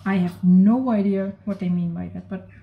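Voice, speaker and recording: A woman's voice: medium pitch, fairly even intonation, moderate pace, creaky, phone-quality sound. A woman from the Netherlands with a Dutch accent, chatting to viewers in a casual cooking vlog and reading out recipe steps, often apologizing. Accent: Dutch, with American-leaning English. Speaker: cooking vlogger.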